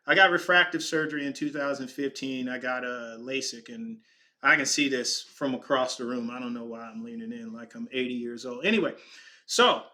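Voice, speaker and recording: A man's voice: medium pitch, sharp tone. A man hosting a casual vlog, thinking aloud as he goes through stock charts on his screen, stumbling over words and joking with his chat. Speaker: podcast host. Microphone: desk microphone.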